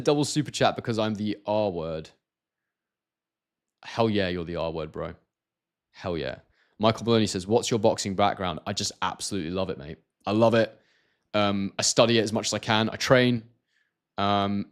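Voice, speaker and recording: A man from Scotland hosting a casual live stream, reading out viewer comments and talking with many hesitations and restarts. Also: lowish voice.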